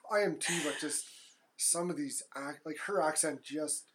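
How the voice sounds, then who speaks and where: A woman's voice: deep voice, moderate pace. A woman casually recapping a movie on a podcast, blunt and swearing freely as she mocks the characters. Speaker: podcast co-host.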